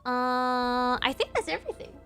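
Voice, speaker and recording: A young woman streams from home, telling crude, rambling, playful stories with a high, bright voice. Soft music plays faintly behind her. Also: very animated, moderate pace, clear, resonant tone. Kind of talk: casual stream chat.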